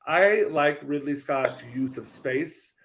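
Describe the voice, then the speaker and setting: A man's voice: fairly high pitch, slow pace, fairly bright tone, slight background noise, rough recording. A man sharing thoughtful opinions on a podcast, hesitating and restarting as he goes. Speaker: podcast co-host. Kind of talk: casual chat.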